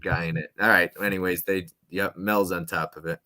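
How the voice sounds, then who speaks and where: A man hosting a casual movie-trivia chat, playful and restless, his voice jumping between loud and quiet. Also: deep voice, fairly even intonation, a little fast. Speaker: host.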